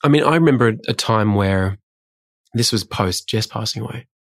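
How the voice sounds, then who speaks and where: A podcast co-host tells stories casually and pokes fun at himself in relaxed conversation. His voice sits on the low side, and he moves at a moderate pace.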